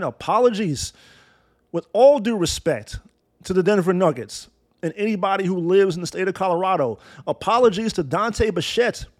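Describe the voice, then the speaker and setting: High-voiced, profane sports ranter. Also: male voice. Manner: blunt, profane, sarcastic with long lists of insults. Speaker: sports podcast host.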